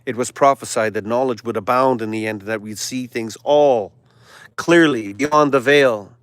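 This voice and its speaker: A man hosting a live stream, delivering a sarcastic, preachy monologue that now and then drops to a hushed whisper. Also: medium pitch, moderate pace, no room sound. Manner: sarcastic, mocking asides; preachy, sermon-like exhortation.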